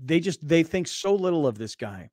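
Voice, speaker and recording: A man's voice: on the high side, big pitch swings, moderate pace, darkish tone, no room sound, studio quality. A man hosting a sports talk show, talking emphatically and with sarcasm.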